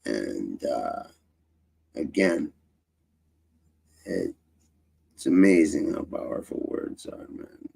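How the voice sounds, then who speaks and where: Laid-back male host, low gravelly voice, slow profane rambling. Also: very animated, warm tone, dry recording. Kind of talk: casual live-stream chat.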